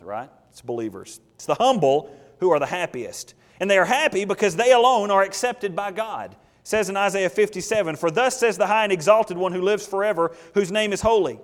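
A man's voice: fairly high pitch, long reverb tail. A man preaching a sermon as pastor, folksy in his stories and emphatic when he drives a point home.

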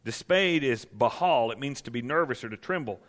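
A man's voice: mid-range voice, lively intonation, fairly quick, fairly bright tone. A man preaching a sermon as pastor to a church gathering, earnest and building to impassioned emphasis.

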